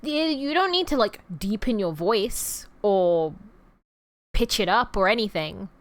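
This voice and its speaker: A woman's voice: mid-range voice, very animated, unhurried. A young adult woman streamer chatting casually, with a rambling, self-interrupting delivery and easy laughter. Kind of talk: casual livestream chat.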